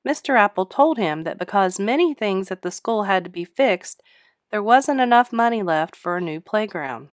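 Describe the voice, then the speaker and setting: A woman's voice: mid-range voice, normal speed, dry recording. Teacher lady reading a kids' story aloud, sing-songy and bouncy, dry close mic. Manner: expressive, sing-song storytelling. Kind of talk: children's storybook read-aloud.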